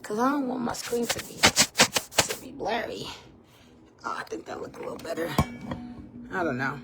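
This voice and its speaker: Chatty woman podcast host, throat-clearing. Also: mid-range voice, big pitch swings, moderate pace, loud music behind the voice. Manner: churchy phrases, talks to absent guest. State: voice often strained. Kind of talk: casual solo chat about faith.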